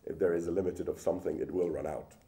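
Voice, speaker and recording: A man giving a public lecture in a hall, with lively rhetorical questions and frequent restarts. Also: deep voice, quick pace.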